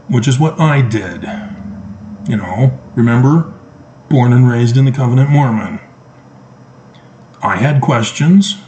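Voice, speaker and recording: A man's voice: medium pitch, a little mellow, low-quality recording. Middle-aged man, mid-range voice, emphatic monologue full of sarcastic rhetorical questions, faint hiss behind. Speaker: vlogger. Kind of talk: casual monologue to camera.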